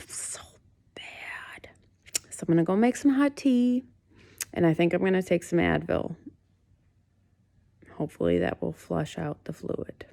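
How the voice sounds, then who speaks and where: A woman's voice: on the low side, expressive, normal speed, creaky, pauses often, dark tone. A woman in her late thirties talking candidly in a casual home vlog, venting her frustration. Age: late 30s. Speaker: fasting vlogger. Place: at home, in bed.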